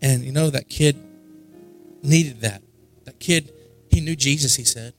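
A man's voice: medium pitch, measured pace, faint music behind. A man preaching at a worship service. He tells a story in a casual, conversational way and often repeats himself for emphasis. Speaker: pastor. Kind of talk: sermon. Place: church service.

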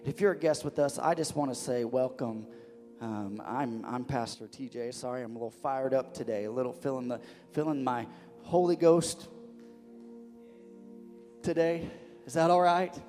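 A man's voice: mid-range voice, moderate pace, dark tone, long reverb tail, faint music behind. A man preaching as pastor of a church, fervent and repetitive, often restarting his words. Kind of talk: sermon. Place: church sanctuary.

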